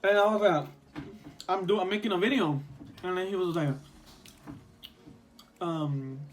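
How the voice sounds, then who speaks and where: A man's voice: high voice, measured pace. A young man telling a storytime vlog story in casual chat, rambling with lots of fillers and a few Spanish words. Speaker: vlogger.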